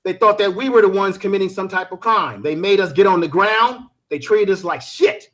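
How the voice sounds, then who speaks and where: A middle-aged man on a video call in a heated online panel debate, talking emphatically and insistently, at times raising his voice to a shout. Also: high-pitched, normal speed. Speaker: panel guest. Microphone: video call mic.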